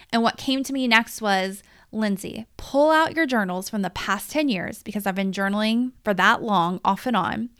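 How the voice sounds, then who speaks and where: A woman in her thirties speaking as a podcast host and coach, talking openly and emotionally about her own life. Her voice sits a little high and sounds smooth and clear, and she tells the story with lively, confessional energy. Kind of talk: candid personal monologue.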